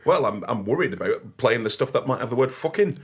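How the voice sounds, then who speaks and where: A man's voice: mid-range voice, expressive, brisk, background noise. A man, a DJ and comedian, telling stories in casual chat and laughing through them. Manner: laughs through his stories, acts out quoted people loudly. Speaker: podcast guest, DJ and comedian.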